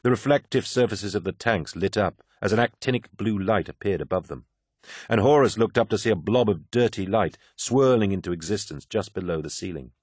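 A man narrates an audiobook in a low voice, reading with measured drama. The sound is close and dry, with no room around it. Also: animated, darkish tone, breathy edge, dry recording. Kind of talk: scripted narration.

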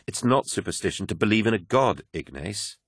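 A man's voice: fairly low pitch, animated, a little fast, slightly rough, no echo, studio quality. A man voicing a fervent, devout young woman who preaches earnestly.

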